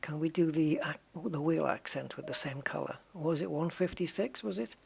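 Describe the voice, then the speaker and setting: A man's voice: on the high side, a little fast, vocal fry, husky. A man streaming a racing game, musing aloud and chatting to viewers with jokey asides. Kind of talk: casual live-stream chat.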